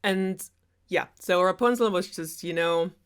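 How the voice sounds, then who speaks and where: A German woman who speaks English as a non-native language retells a fairy tale as a storyteller host, her lowish voice smooth and a little slow. Her telling is sarcastic and chatty, dotted with laughing asides.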